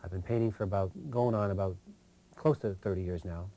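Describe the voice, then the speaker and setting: Rambling older man with a mellow voice. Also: sits low, fairly even intonation. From Canada. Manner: rambling, halting, self-interrupting. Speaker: guest musician. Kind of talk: casual storytelling.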